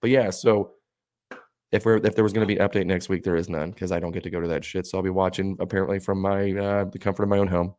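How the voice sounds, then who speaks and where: A man's voice: low-pitched, little pitch movement, quick pace, a little mellow, dry recording, studio quality. A man co-hosting a podcast who tells a story in a casual, profane, heated rant. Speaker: podcast co-host.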